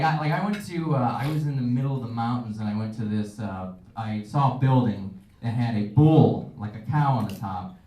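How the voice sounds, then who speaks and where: A man doing a stand-up set in a halting, rambling way, with many fillers. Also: mid-range voice, mellow. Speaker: stand-up comedian. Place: small comedy club. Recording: echoey club audio from a distant mic.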